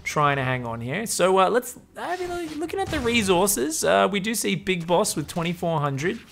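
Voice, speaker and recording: A man's voice: high-pitched, sing-song, normal speed, vocal fry, fairly bright tone, slight background noise. Profane, sarcastic male game commentator.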